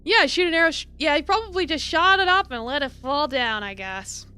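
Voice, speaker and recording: A woman's voice: sits high, expressive, fairly quick, pushed and bright, faint music behind. A woman streamer reading a game aloud, dramatic, jumping from narration to shrieks and mock sobs.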